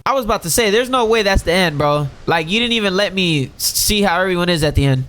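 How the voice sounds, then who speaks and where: A man playing a visual novel and reading its lines aloud, reacting in excitable, slangy, profane commentary. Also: high voice, fast, hardly any pauses. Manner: excitable, swears a lot, slangy. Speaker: gaming streamer. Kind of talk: let's play, reading game dialogue aloud with commentary.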